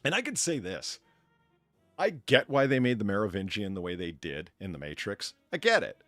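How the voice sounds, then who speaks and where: A man's voice: on the low side, big pitch swings, moderate pace, fairly bright tone, dry recording, faint music behind. A man in casual stream chat, opinionated, reading news bits aloud and laughing often.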